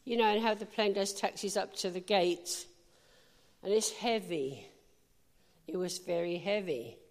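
A woman preacher telling a lively story in a sermon, laughing often and asking the crowd questions. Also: mid-range voice, measured pace. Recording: long hall reverb.

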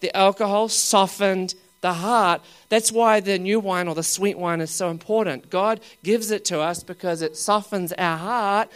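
Preacher, sermon, humorous, laughs often, rhetorical questions, loud and soft swings. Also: mid-range voice, fairly even intonation, unhurried, few pauses, smooth. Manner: swings between loud exclaiming and dropping to quiet asides.

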